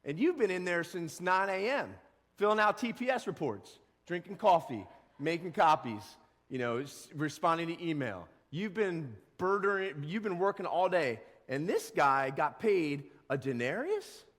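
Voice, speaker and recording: Guy pastor preaching casual and animated, kinda high voice, big church reverb. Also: moderate pace. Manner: casual, animated, acts out grumbling workers. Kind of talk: sermon. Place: church sanctuary.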